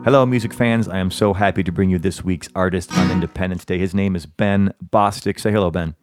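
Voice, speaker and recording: Fast-talking rambling man, low voice. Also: flat delivery, over loud music. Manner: rambling, talkative, self-interrupting. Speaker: podcast host. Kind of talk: casual interview chat.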